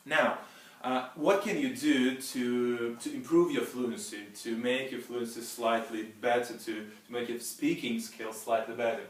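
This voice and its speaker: A male lecturer explaining a topic step by step in a methodical way, often pausing with fillers and restarting phrases. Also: mid-range voice, fairly even intonation. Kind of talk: explaining lecture on speaking fluency. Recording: roomy, mic at a distance.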